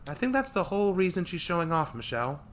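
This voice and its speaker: A man's voice: high voice, big pitch swings, quick pace, a bit bright, slight background noise, voice pushed up. A man voicing a grumpy, wary female creature who grumbles her blunt remarks. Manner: grumbling, dry.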